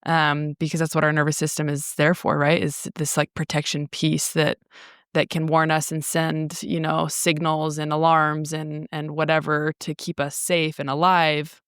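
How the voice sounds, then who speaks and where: A woman's voice: low voice, completely flat delivery, normal speed, clean tone, no room sound, studio quality. A woman co-hosting a podcast, earnestly thinking aloud about spiritual growth. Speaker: podcast co-host. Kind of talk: reflective spiritual conversation.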